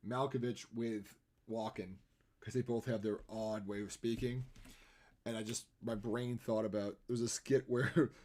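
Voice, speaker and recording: A man's voice: medium pitch, warm tone. A man livestreaming his artwork, talking in a rambling, casual way and laughing often. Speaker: livestreaming artist. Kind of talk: casual chat while drawing on a live stream.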